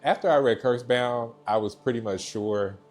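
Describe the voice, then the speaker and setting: A man's voice: mid-range voice, moderate pace, darkish tone, soft background music. A young man from Georgia in the US, chatting casually about books he read, gushing and often saying "so yeah". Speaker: book reviewer. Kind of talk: casual book review chat.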